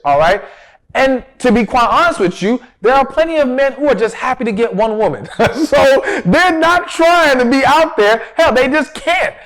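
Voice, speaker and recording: A man hosting a relationship advice talk, speaking straight to the viewer with emphatic stress and rhetorical questions. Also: extremely high pitch. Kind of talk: direct-to-camera advice talk.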